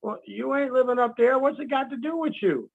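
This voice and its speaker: A man teaching in casual talk, animated, acting out quotes and laughing at his own jokes. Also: very high voice, brisk, vocal fry. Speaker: guest speaker. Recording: dull lo-fi sound.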